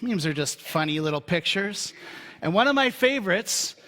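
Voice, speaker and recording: A pastor preaching a sermon in a relaxed, joking, conversational way before turning serious. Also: male voice, sits high, normal speed. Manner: humorous, conversational storytelling. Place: church sanctuary. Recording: reverberant church hall.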